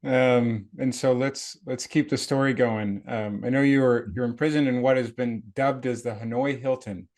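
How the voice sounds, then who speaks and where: A man's voice: medium pitch, steady tone, moderate pace, few pauses, darkish tone. A man hosting an interview who asks long, hesitant questions full of filler words. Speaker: interview host.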